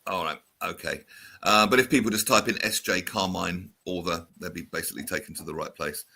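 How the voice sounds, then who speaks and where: A man's voice: deep voice, fairly quick, vocal fry, sharp tone, breathy edge. A man hosting a casual chat show, chatty and reading out viewer comments. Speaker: show host.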